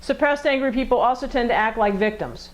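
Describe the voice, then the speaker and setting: A woman's voice: on the high side, fairly quick, rough recording. A woman counselor leading a group lesson in a group room, talking conversationally, asking the group questions and acting out angry voices.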